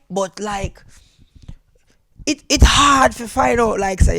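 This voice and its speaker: A Jamaican man, a comedian, chatting in an interview, animated, switching between accents and laughing often. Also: high voice, slow pace, creaky, long pauses, no echo, studio quality. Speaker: comedian guest. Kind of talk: casual interview chat.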